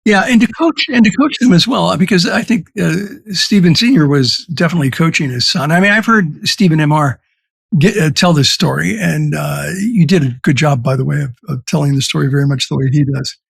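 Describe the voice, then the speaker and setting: A man hosting a podcast in a casual, agreeable way, quick to chime in with his own point. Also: fairly high pitch, vocal fry, breathy edge, no room sound. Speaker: podcast host.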